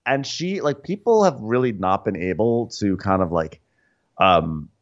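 A man's voice: on the low side, expressive, unhurried, a crowd in the background. A man co-hosting a podcast, recapping with wry asides and laughter. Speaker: podcast co-host. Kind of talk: casual recap chat. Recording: dull, muffled sound.

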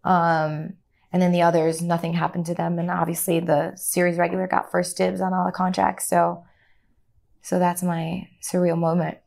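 A middle-aged actress in an interview, telling a story with lively acted-out dialogue and frequent laughter. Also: female voice, on the low side, moderate pace, vocal fry. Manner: animated, acts out quoted dialogue, laughs often. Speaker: actor guest.

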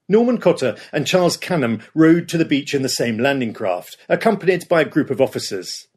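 Male documentary narrator, husky and fairly high voice, dramatic storytelling. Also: sing-song, brisk, few pauses, darkish tone. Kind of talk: scripted history narration.

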